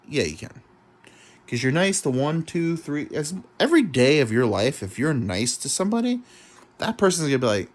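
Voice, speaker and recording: A man's voice: sing-song, normal speed. A young man hosting a podcast, telling rambling, self-mocking stories in casual chat, full of swearing and mumbled asides. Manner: swoops in pitch, drops to mumbles. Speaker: podcast host. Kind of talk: casual comedic storytelling.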